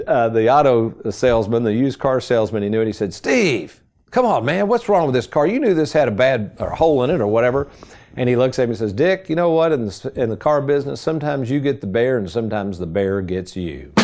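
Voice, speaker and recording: A middle-aged man hosting a financial radio show, telling folksy stories in a casual, animated way. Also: medium pitch. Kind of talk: casual radio chat and storytelling.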